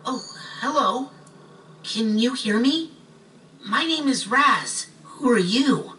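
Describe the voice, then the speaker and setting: Casting: a bright, lively, inquisitive young boy hero, heard at a distance over music. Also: mid-range voice, slow, a little hiss or hum. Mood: curious. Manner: earnest, inquisitive, gently coaxing. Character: curious, earnest young psychic boy.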